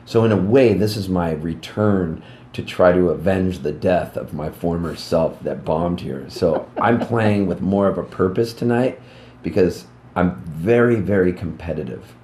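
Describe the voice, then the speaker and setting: A man in his fifties, a musician, telling rambling, animated anecdotes in a casual interview backstage at a music club. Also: low voice, unhurried, roomy sound, slight background noise. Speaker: musician guest.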